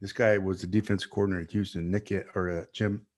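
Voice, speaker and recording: A football coach co-hosting a sports podcast, telling stories in a laid-back, easygoing way. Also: male voice, low voice, level tone, fast, darkish tone. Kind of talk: casual sports chat.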